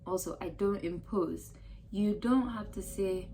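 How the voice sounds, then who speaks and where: A woman's voice: medium pitch, slow pace, slight background noise. Emphatic Ghanaian woman giving advice. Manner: emphatic and animated, with rhetorical questions and mock quotes. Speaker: lifestyle vlogger. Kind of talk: casual advice monologue to camera.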